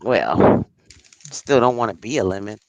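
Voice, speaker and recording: A woman's voice: extremely low pitch, animated, measured pace, a little mellow, no room sound, highs cut off. A woman co-hosting a casual live stream chat, teasing playfully and laughing often while she packs things with tape. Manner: busy packing items with tape while talking.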